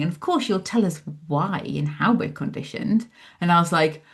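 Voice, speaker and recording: This interview guest, a woman in her 40s who is a psychologist and author, has a mid-range voice and speaks at normal speed. She relates her story animatedly, acting out her past thoughts through lively asides.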